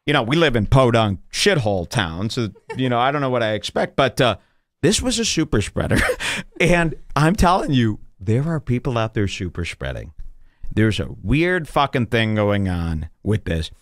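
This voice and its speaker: A man's voice: medium pitch, big pitch swings, normal speed, no echo. A man hosting a podcast, telling a rambling story in casual chat and swearing freely. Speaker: podcast host.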